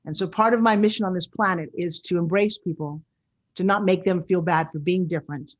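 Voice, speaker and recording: A woman in her sixties with a New York accent, hosting a show in a loud, brash, animated way. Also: fairly low pitch, fairly quick, highs cut off. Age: 60s. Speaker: show host. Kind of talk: casual talk-show monologue.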